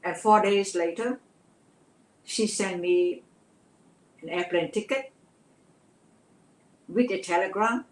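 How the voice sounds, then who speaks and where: An older Vietnamese actress, appearing as an interview guest, recounts her life story in a mid-range voice with a Vietnamese accent. She speaks earnestly and haltingly, often repeating words, and the room has a noticeable echo.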